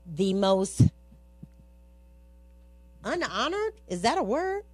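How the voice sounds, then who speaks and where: Woman radio host, slow and chatty, fairly high voice, dry studio sound, talks in loose asides. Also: expressive, no echo. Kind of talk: casual radio chat.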